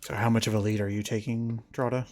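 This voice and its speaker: A man running a tabletop game as game master, narrating in a relaxed, halting way with many fillers. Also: lowish voice, faint music behind.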